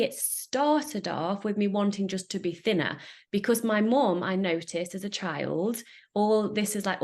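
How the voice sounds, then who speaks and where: Earnest woman telling a personal story. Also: mid-range voice. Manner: emotional, earnest, with restarts. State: getting emotional. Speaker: podcast host.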